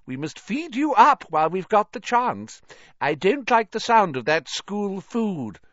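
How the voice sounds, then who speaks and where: A man's voice: high-pitched, big pitch swings, measured pace, a bit bright, no room sound, dull audio, pitched above the performer's own voice, heavily acted. A man voicing a doting, fussy middle-aged aunt who coos over her son. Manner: cooing, fussing.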